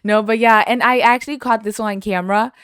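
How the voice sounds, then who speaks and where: A young woman from western Canada, hosting a podcast and telling a story in an animated way, laughing often and acting out what people said. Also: fairly high pitch, a little fast, clean tone, no echo, studio quality. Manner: animated, laughs often, heavy use of "like", acts out quotes. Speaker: podcast host. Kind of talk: casual storytelling.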